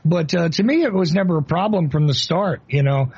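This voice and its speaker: Husky New Jersey man hosting a chat. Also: a little high, lively intonation, brisk, a little mellow, dull audio. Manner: rambling, many fillers and restarts. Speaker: host. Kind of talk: casual interview chat.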